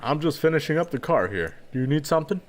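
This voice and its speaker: A man voicing a patient, tired farmer father who talks softly and kindly. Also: sing-song, quick pace. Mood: gentle. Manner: soft, kindly, low-key.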